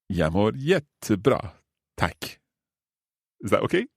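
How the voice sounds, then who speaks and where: A man hosting a language lesson podcast as the learner, asking curious questions and slowly repeating new phrases. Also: on the low side, sing-song, gravelly, breathy edge, no echo, studio quality. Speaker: host and learner.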